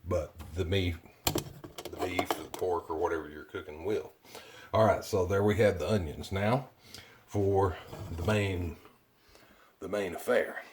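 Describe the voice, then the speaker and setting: A deep-voiced man walks through a home kitchen recipe in a relaxed, chatty way, often pausing on fillers. His voice sits low. A faint hiss runs under the camera mic. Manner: chatty, plainspoken, with frequent fillers. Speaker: cooking video host. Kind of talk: casual cooking demonstration.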